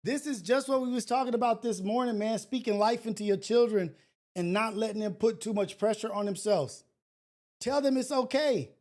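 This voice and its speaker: A man hosting a casual livestream, talking to viewers directly in an emotional, preachy way that swings between loud and soft. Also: high-pitched, normal speed. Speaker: livestream show host.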